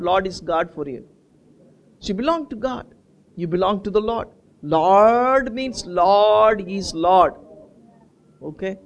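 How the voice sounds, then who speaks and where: A preacher delivering a sermon, asking the congregation questions and answering them, and repeating key words for emphasis. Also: medium pitch. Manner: call-and-response questions to the congregation; slow, stretched phrasing.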